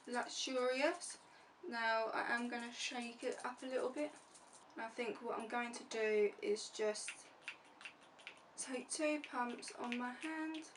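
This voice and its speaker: A woman beauty vlogger chatting casually through a makeup tutorial, narrating each step as she goes. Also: a little high. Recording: distant mic with faint room noise.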